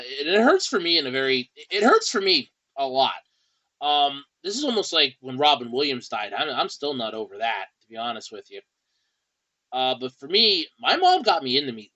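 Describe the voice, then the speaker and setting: A man's voice: mid-range voice, sharp tone, lo-fi sound. A man hosting a podcast in a casual, rambling monologue with a wry tone and lots of fillers, speaking. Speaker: podcast host.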